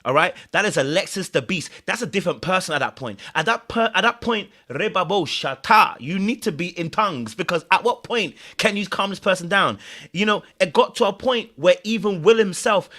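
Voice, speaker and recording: A young man, hosting a casual podcast and commenting in an animated, playful way, laughing at himself and repeating words. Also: sits high. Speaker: podcast host.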